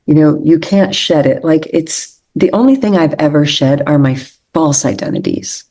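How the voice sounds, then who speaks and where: A woman author speaking as an interview guest, earnest and gentle, repeating phrases for emphasis. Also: sits low, moderate pace. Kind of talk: reflective interview conversation.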